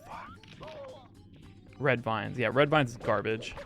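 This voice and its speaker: A man in his thirties streams a game, rambling casually with many fillers and crude jokes. His voice has a gravelly, creaky texture. Faint music plays underneath. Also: mid-range voice, slow pace, fairly bright tone. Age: 30s. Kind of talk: casual gaming stream chat.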